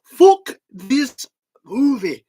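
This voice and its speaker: A man's voice: very high-pitched, big pitch swings, very slow, warm tone, husky, voice pushed up, heavily acted. A man voicing an angry, swearing Belfast man ranting, in an attempted Belfast accent. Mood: outraged.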